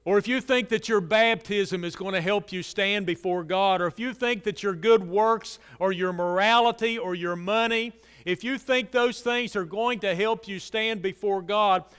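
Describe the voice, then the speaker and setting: A pastor preaches at a slow, measured pace in a smooth, clear voice that's fairly high for a man. He delivers his sermon emphatically, swelling loud and then dropping low to drive his points home, while a long reverb hangs in the hall.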